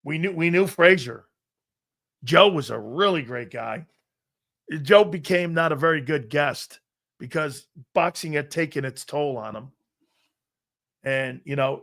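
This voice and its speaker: A man's voice: fairly high pitch, unhurried. Rambling male sports talk host. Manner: rambling storyteller, animated when reading a list. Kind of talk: casual sports talk monologue.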